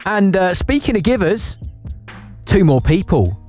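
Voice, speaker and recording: A man's voice: sits high, big pitch swings, a little slow, soft background music. A man presenting a live radio charity appeal, effusive and emotional as he thanks givers and urges listeners to donate. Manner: warm, effusive, emotional encouragement. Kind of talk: live radio fundraising chat.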